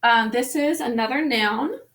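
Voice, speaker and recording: A woman teaching a spelling lesson, sounding out words letter by letter in a slow, patient way. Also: fairly high pitch, a bit bright.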